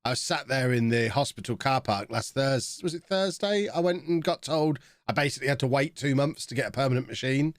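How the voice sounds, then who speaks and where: A man's voice: medium pitch, a little fast, hardly any pauses, no echo, clean studio sound. Chatty man streaming a game. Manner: chatty, reacting to the game as it plays. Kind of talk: casual live-stream chat.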